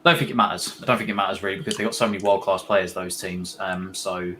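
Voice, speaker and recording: A man's voice: low voice, fairly even intonation, sharp tone, slight background noise. A young man co-hosting a live football watch-along, chatting casually with lots of fillers and restarts. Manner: rambling, filler-heavy, halting. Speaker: co-host of a fan watch-along.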